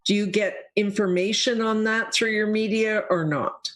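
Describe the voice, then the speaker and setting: A man's voice: high-pitched, fairly even intonation, normal speed, a bit bright. A man from Canada asking hesitant questions in a casual discussion.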